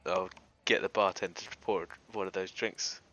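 A man's voice: low-pitched, fairly even intonation, moderate pace, fairly bright tone, dull audio. A man playing a tabletop game, speaking in a cheeky, joking way. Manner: cheeky, laughing. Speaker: player.

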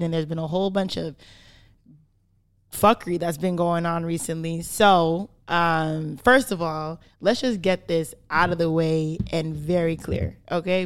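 A woman from Canada hosting a podcast, explaining her point in casual chat and checking in with "right?". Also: on the low side. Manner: emphatic, explaining with repeated "right?". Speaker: podcast host.

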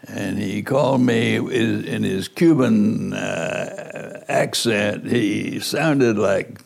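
Older guy, ex prosecutor, slow halting memories, husky gravelly voice. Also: fairly low pitch. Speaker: former prosecutor. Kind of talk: recalled interview account.

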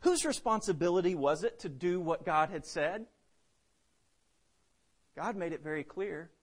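Guy preaching a sermon, high voice, goes loud then drops real quiet. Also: expressive, a little slow, breathy edge. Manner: dynamic, swings between loud emphasis and hushed drops.

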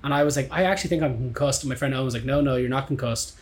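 A man in his twenties with an Irish accent, hosting a podcast and telling stories in a lively, swearing, casual chat. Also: mid-range voice, very fast. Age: 20s. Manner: animated storyteller, swears freely, acts out quotes. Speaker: podcast host.

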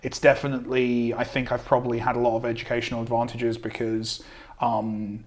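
A man's voice: mid-range voice, monotone, fairly quick. A man with a mildly posh southern English accent, a guest in a casual podcast conversation, talking in a self-deprecating way with many restarts. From southern England. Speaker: game writer, guest.

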